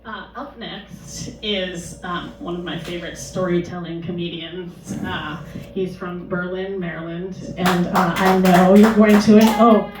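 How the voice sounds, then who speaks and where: Brief: female club emcee, slow and hesitant, heard far off in a roomy club. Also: on the low side, fairly even intonation. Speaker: comedy show host. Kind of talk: introducing the next comic. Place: comedy club stage. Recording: echoey club from a distance with noise.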